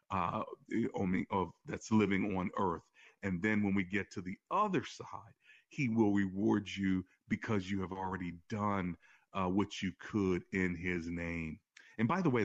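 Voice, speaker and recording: A man who is a pastor, hosting a call-in faith talk show and telling stories in an animated way, his voice often jumping higher. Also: dull audio. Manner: animated storytelling with sudden rises in pitch. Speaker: pastor and radio show host.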